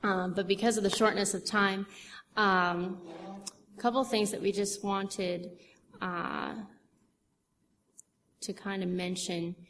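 A young woman with a mid-range, fairly bright voice and level tone takes it slowly and pauses often. Giving a testimony about her witnessing to a church audience, she's chatty and rambling with many fillers and restarts, recorded in a long-reverb hall with faint noise.

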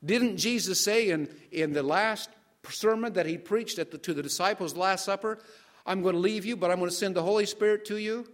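Older male pastor, higher-pitched voice, sermon delivery, quizzes his listeners as he goes. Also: fairly quick. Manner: asks the congregation questions and waits for answers.

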